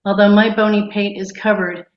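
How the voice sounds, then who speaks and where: A woman's voice: medium pitch, level tone, moderate pace, a little hiss or hum. A woman author reading her own short story aloud. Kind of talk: literary reading with a spoken aside. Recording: echoey room, dull lo-fi sound.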